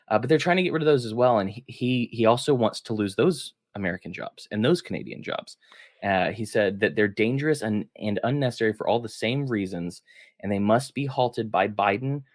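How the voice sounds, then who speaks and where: Podcast co-host, man, lowish voice, upbeat casual chat, dry close mic. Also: no echo. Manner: upbeat, laughs often, reads headlines aloud.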